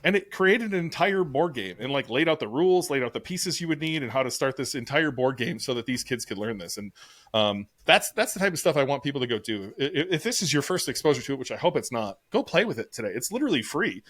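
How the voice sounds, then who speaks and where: A man's voice: medium pitch, animated, fairly bright tone, dry recording. A middle-aged man co-hosting a podcast, telling rambling stories in casual chat with frequent swearing. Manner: fast, rambling, profane storytelling. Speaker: podcast co-host.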